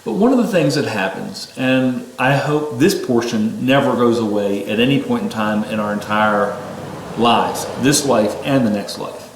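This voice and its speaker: A man giving an informal, sermon-like talk with a middle-range voice. When he exhorts his listeners, his pitch climbs sharply. The room around him sounds echoey. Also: moderate pace, slight background noise.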